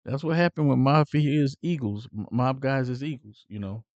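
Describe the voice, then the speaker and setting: A man recaps a movie casually, rambling through fillers and restarts. His voice is mellow and relaxed, recorded dry and close. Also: mid-range voice, a little slow, no echo, dull audio. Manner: animated retelling with acted-out quotes. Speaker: movie reviewer.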